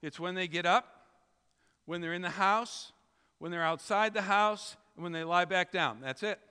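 Male preacher, high-pitched and crisp, emphatic storyteller, reverberant church. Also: moderate pace, sharp tone. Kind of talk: sermon. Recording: reverberant hall.

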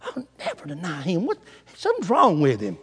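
Brash, fiery male fisherman, put on by a preacher; high, loud shouting with reverb. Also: huge pitch swings, a little fast, slightly rough, heavily acted. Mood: disbelieving. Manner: shouting, heated protest. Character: hot-tempered, brash adult male fisherman disciple. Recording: long hall reverb.

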